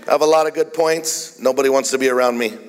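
A man's voice: mid-range voice, steady tone, fast talker. A man preaching a sermon, telling jokes and stories in a playful, teasing way as the pastor. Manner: playful, jokey storytelling preacher. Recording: long reverb of a large hall.

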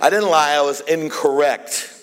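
A man's voice: on the high side, normal speed. A man preaching a sermon as a pastor, repeatedly calling out "Amen?" to the congregation. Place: church hall. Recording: long hall reverb.

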